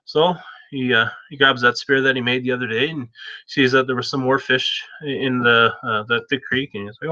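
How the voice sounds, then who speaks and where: A man's voice: mid-range voice, normal speed, sharp tone, no room sound. A man telling a story in a casual, rambling way, with many restarts, on a dull lo-fi recording.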